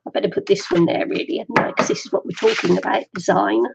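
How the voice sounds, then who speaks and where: Middle-aged lady chatting on her craft stream, bit gravelly, dull lo-fi audio. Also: medium pitch, fairly even intonation, fast, noisy background. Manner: chatty, laughs often, talks to herself. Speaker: craft livestream host. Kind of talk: chatty live stream while waiting for viewers.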